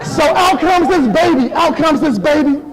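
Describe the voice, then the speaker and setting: A man in his thirties from Georgia, giving a motivational speech and telling a story to an audience in an animated, playful way with repeated phrases. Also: very high-pitched, moderate pace, crowd noise, low-quality recording. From Decatur, Georgia. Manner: animated, repetitive, playful, with sudden shifts to hushed. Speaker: motivational speaker.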